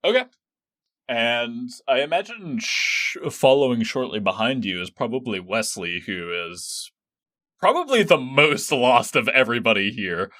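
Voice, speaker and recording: A man's voice: mid-range voice, animated, a little slow, sharp tone. A man narrating as game master of a tabletop game, loose and full of fillers.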